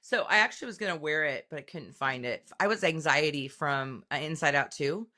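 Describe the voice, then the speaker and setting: Speaking briskly, this middle-aged podcast co-host tells lively stories in casual conversation, breaking into sudden high-pitched, excited voices to act out the moments she describes.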